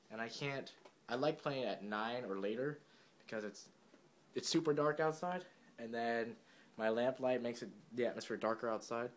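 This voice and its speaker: A young man chatting casually to his camera at home, giddy and jokey with quick asides. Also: mid-range voice, a bit bright. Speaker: vlogger. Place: home room, indoors.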